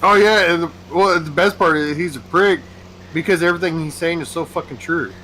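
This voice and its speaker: A man chatting with friends on a gaming stream, telling stories excitedly with heavy swearing. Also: fairly high pitch, fairly quick, a little hiss or hum, rough recording. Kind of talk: casual chat.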